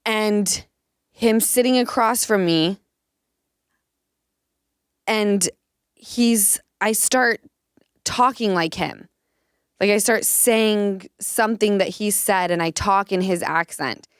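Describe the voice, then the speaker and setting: Smooth-voiced woman telling candid stories. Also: mid-range voice, slow, long pauses, no echo, studio quality. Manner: candid, animated storytelling with frequent "like". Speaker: podcast host. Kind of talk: casual chat.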